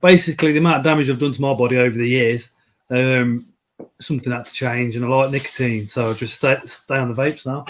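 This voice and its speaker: A man's voice: medium pitch, steady tone, fast, slight background noise. A middle-aged man hosting a casual live stream, chatting and reading out viewer comments. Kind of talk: casual chat.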